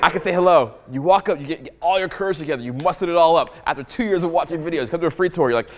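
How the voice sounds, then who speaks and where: A man giving a live dating-coach talk to an audience: animated, joking and profane, often acting out what people say. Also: on the high side, very fast.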